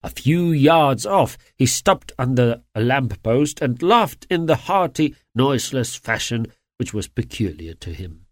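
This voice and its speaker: A man reading a classic detective story aloud in an expressive storytelling manner. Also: medium pitch, measured pace, few pauses, no room sound, clean studio sound. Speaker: narrator.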